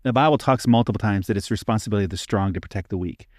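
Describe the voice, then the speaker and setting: A man's voice: fairly low pitch, very fast, no echo, clean studio sound. A man co-hosting a faith podcast as a pastor, talking through a question earnestly and often checking in with "right?". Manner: earnest, uses frequent "right?" tags. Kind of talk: casual faith discussion.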